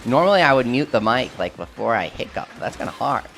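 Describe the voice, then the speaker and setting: A man's voice: mid-range voice, sing-song, a little fast, vocal fry, a bit bright, soft background music. Hiccuping male streamer chatting casually. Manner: chatty, self-deprecating, answers chat questions. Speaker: game streamer. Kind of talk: casual live-stream chat reading viewer comments.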